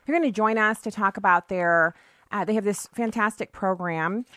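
Woman, talk radio host, emphatic and chatty, dry close mic, mid-pitched voice. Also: moderate pace, a bit bright, no echo. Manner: emphatic, chatty, preachy asides. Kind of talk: opinionated talk radio monologue.

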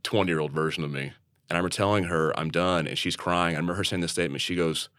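A man's voice: low-pitched, fairly even intonation, quick pace, a bit bright, smooth, no echo, clean studio sound. A man co-hosting a church podcast, telling a candid personal story in an earnest conversational way, often restarting and repeating words. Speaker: church leader and podcast co-host.

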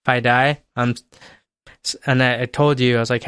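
A man's voice: medium pitch, little pitch movement, moderate pace, a bit bright, clean tone, dry recording, studio quality. A young man co-hosting a podcast, telling stories in casual chat, laid-back and swearing freely. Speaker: podcast co-host.

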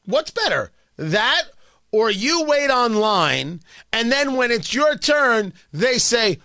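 Animated, bright-voiced talk radio man. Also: very high-pitched, slow, no room sound, clean studio sound. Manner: sarcastic, ranting, mocking. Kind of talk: opinionated talk radio monologue.

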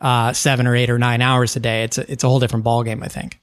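Measured male co-host thinking aloud, mid pitch, dry studio sound. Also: flat delivery, smooth, no echo. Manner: thoughtful, measured, frequent ums. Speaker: podcast co-host. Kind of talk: casual podcast chat.

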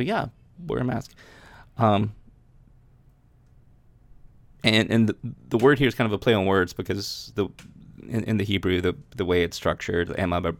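Low guy with a gravelly voice, casual bible chat podcast, dry close sound. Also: dry recording. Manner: reads scripture aloud then chats about it with many restarts. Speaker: podcast host. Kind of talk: casual Bible reading and commentary.

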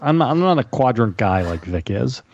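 A man's voice: mid-range voice, sing-song, moderate pace, a little mellow, muffled recording. A man talking as a podcast guest in casual chat, rambling with restarts and asides. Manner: talkative, with many restarts and asides.

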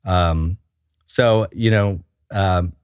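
A middle-aged man, a children's book author and illustrator, chatting in a relaxed interview and telling stories with enthusiasm and many restarts. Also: low-pitched, extremely slow, clean tone, no room sound, studio quality.

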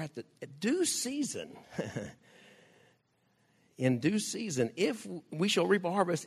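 An older man preaches a folksy, conversational sermon, laughing often. His voice sits high and swoops widely through each phrase. The sound carries the long reverb of a hall. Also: very animated, a little slow, long pauses, breathy edge. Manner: folksy, laughs often, acts out quoted prayers.

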